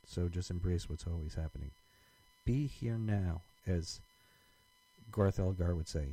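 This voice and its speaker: A man's voice: sits low, unhurried, mellow, rough recording. A man co-hosting a podcast in casual chat, rambling with many restarts and fillers. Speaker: podcast co-host.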